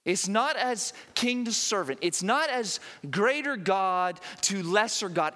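Animated man preaching in a reverberant hall. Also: high voice, takes it slowly, few pauses. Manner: animated, repeats words while building emphasis. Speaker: pastor. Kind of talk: sermon. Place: church.

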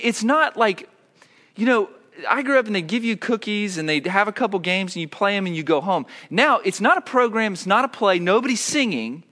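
Animated storytelling male pastor. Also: high-pitched. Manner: animated storytelling, self-mocking humor. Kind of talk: sermon with scripture reading and stories.

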